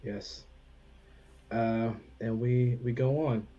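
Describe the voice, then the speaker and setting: A man's voice: medium pitch, little pitch movement, slow, mellow, highs cut off. A man playing his character in a tabletop game, hesitant and playful, slipping in and out of character. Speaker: player. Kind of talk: tabletop role-play, in and out of character.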